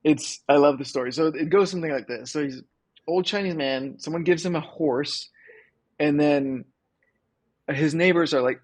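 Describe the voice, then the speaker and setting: A man's voice: fairly high pitch, normal speed, no echo. A man hosting a live coaching call, chatting casually and telling stories with acted-out quotes. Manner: animated storyteller, acts out quoted voices. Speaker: host and business coach.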